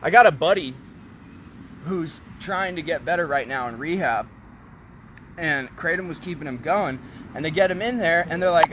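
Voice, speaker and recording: A man in a casual, blunt rant to camera, swearing often and turning loud when heated. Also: on the high side, moderate pace, long pauses, slight background noise. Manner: profane, blunt, frequent swearing. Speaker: vlogger selling kratom.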